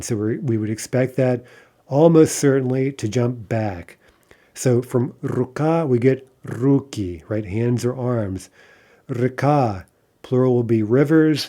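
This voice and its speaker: A man's voice: medium pitch, dark tone. A man teaching an online language lesson, going through examples one by one and checking in with the listener. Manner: methodical, checks in with "right?" and "okay".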